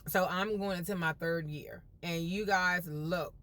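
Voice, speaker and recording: A woman's voice: on the low side, fairly even intonation, measured pace, a bit bright, slight background noise. A woman live-streaming from a car on her phone, chatting casually with her viewers in a folksy, upbeat way. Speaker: vlogger.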